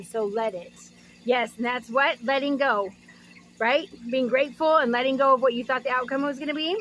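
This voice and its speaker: A woman's voice: sits high, moderate pace, fairly bright tone. A woman giving an oracle card reading, reading card texts aloud and breaking in with gushing, reflective asides.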